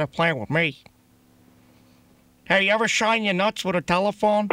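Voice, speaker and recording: High bright-voiced crude prank caller, man. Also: normal speed, long pauses, dry recording, rough recording. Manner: crude and profane, rambling, chuckling. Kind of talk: prank phone call.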